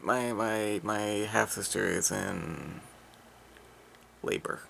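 A young man vlogging at home while feeling unwell, teasing in a deadpan way. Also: on the low side, slow, vocal fry, slight background noise. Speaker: family vlogger. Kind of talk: casual chat.

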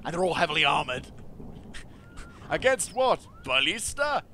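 A man giving casual commentary over a strategy game, talking to his units and swinging from quiet mumbles to excited shouts. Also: on the high side, a little slow, slight background noise. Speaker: gaming video host.

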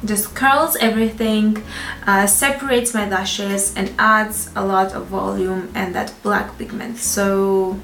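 A woman's voice: medium pitch, steady tone, takes it slowly, fairly bright tone, roomy sound, distant mic. A woman with a French accent reviewing beauty products in a chatty, frank way, laughing between phrases. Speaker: beauty vlogger.

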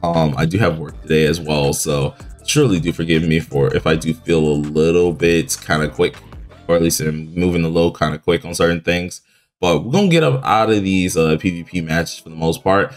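A young man with a deep, low-pitched voice, still groggy with morning voice, talks casually through a mobile game match. His delivery is loose and rambling, full of fillers and slang. Soft music plays faintly underneath. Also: a little fast. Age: young adult. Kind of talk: casual gameplay commentary.

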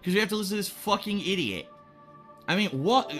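A man streaming a video game who rants angrily and swears, with sudden loud outbursts. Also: high voice, sing-song, a little fast, faint music behind. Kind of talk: live gameplay commentary.

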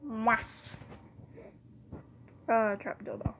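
A woman's voice: fairly high pitch, level tone, drawn-out words, pauses often, a bit bright, slight background noise. A woman hosting a game video, reading cards aloud in a playful, giggly way with muttered asides. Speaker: gaming channel host. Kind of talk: let's play commentary, reading cards aloud.

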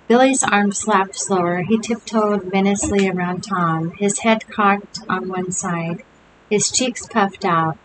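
A woman reads a children's chapter book aloud, giving the story an expressive lilt. Her voice sits at a middle pitch. A steady hiss runs under the whole recording. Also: a little slow.

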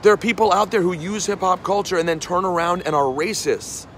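A man's voice: sits high, fairly even intonation, fairly quick, fairly bright tone, a little hiss or hum. Heated New man ranting outdoors. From New York City. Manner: heated, scolding, repeats lines for emphasis. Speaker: radio host. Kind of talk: angry street rant to camera. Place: walking outdoors on a city street.

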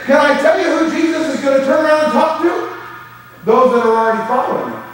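A man with a very high, expressive voice talks fast as he preaches a sermon as pastor in a church sanctuary. He builds rising emphasis and drops in quoted asides. The audio comes from far off in an echoey church hall.

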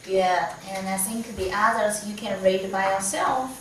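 A woman's voice: medium pitch, a little slow, a bit bright, far from the mic, slight background noise. A woman from China with a Chinese accent, patiently teaching a Mandarin lesson in English and modelling the tones. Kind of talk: online language lesson. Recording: echoey room, voice slightly off-mic.

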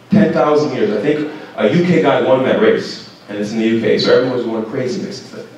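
Casting: young adult man, lively banquet keynote, roomy hall with faint noise. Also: mid-range voice. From Canada. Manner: lively storyteller who acts out shouted quotes. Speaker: keynote speaker. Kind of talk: storytelling speech to students. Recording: very echoey hall, mic far off.

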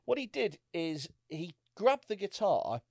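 A man's voice: sits high, sing-song, a little slow, gravelly, darkish tone, no echo, studio quality. A man co-hosting a comedy podcast, telling anecdotes with swearing and acted-out quotes. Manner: storytelling, swearing, acts out quotes. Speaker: podcast co-host. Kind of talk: casual comedy podcast chat.

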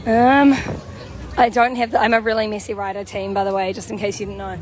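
A woman's voice: mid-range voice, flat delivery, fairly quick, a little mellow. A young woman with a New Zealand accent chatting and laughing as she walks through an outdoor camp, filming on a handheld phone. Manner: bubbly, chatty, laughs often. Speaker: vlogger. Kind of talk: walking livestream vlog. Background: music playing nearby.

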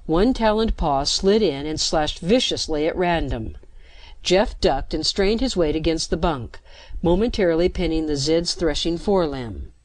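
A woman narrating a science fiction story with steady, dramatic pacing into a close mic. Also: low-pitched, no echo. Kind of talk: scripted narration.

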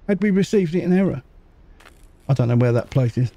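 A man casually commentating a game as he plays, muttering to himself and making quick jokes. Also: mid-range voice, animated, dark tone, no room sound. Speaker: gaming channel host. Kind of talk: casual let's-play commentary.

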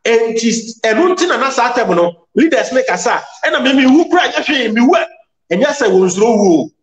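Man laying out an argument step by step, high voice, roomy echo. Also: animated, a little fast. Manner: explanatory, argues point by point. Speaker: discussion participant. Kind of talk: casual discussion in Twi mixed with English.

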